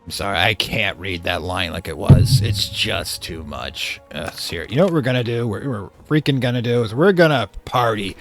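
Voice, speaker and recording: A man's voice: fairly low pitch, moderate pace, hardly any pauses, faint music behind. A man hosting a video game let's play, casually commenting and hamming up a would-be villain. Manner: playful, slips into mock-villain theatrics.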